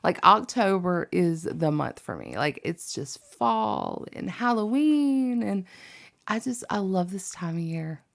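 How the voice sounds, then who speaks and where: Young woman, reaction vlogger, gravelly fry, chatty and rambling. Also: mid-range voice, sing-song, slow pace. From Alabama, USA. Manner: chatty and rambling, with many ums and likes. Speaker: reaction video host. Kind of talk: casual reaction vlog chat.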